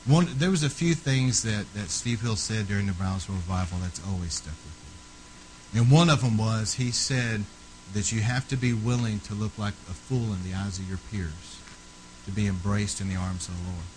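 Man, preacher, fervent sermon, loud emphatic peaks and low drops, faint hum behind. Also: normal speed, rough recording.

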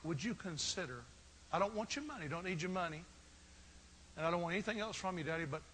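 A man voicing a grown son who earnestly pleads with his hard father, halting and repeating himself. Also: high voice, expressive, fairly bright tone, a little hiss or hum, rough recording. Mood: pleading.

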